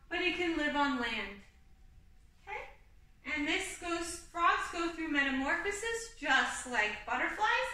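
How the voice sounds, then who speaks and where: A woman teaching an online kindergarten class, slow and patient, talking to young children and singing simple teaching songs. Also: sits high, bright, forceful tone, heavy reverb, distant mic, poor audio.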